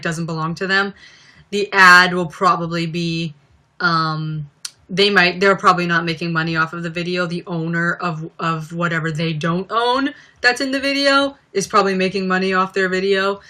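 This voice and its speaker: Young female streamer, casual and chatty, bright edge, stuffy from a cold, webcam-mic sound. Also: lowish voice. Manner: giggly, acts out comedy sketches in silly voices. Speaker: live streamer. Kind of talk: casual live-stream chat.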